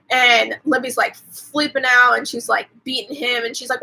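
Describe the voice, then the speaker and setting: Bright-voiced woman rambling through a recap. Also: fairly high pitch, steady tone, creaky, rough recording. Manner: rambling, fills every pause with "like", swears casually. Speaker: host. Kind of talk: casual movie recap on a livestream.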